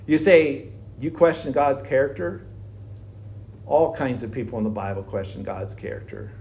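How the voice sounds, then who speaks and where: A man's voice: medium pitch, animated, normal speed, darkish tone, a little hiss or hum. A man preaching an earnest sermon on struggling faith, full of rhetorical questions. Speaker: pastor.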